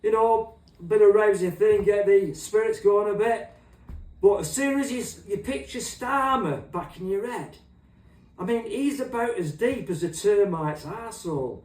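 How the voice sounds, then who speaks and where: A man's voice: sits high, moderate pace, darkish tone, recorded from a distance. A middle-aged man ranting in a rambling, crude and sweary way as host of a comic monologue. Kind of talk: profane comic rant. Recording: echoey room, off-mic.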